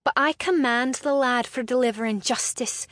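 A woman's voice: fairly high pitch, normal speed, a bit bright, dry recording, clean studio sound, voice pushed up, natural voice. Woman voicing a defiant young lady. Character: proud young Scottish lady, quick-tongued.

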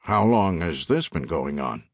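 A man's voice: sits low, big pitch swings, a little slow, creaky, dry recording, clean studio sound, exaggerated voice. A man voicing a curious, direct male government lawyer who asks short questions.

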